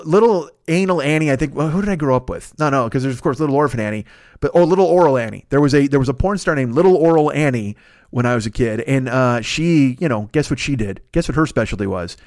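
A man's voice: a little high, no room sound, studio quality. A man riffing in a rambling, profane comedic monologue as a podcast host, laughing often and correcting himself.

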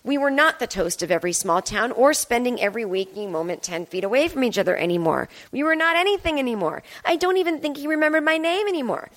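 A woman's voice: fairly high pitch, very animated, fast talker, hardly any pauses, fairly bright tone. A woman in her fifties hosting a podcast, telling a candid, wry personal story in a monologue from home. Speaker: podcast host.

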